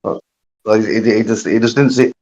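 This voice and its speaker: Halting, low-voiced man chatting. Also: steady tone, darkish tone, muffled recording. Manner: halting, many repeated words. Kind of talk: casual podcast chat.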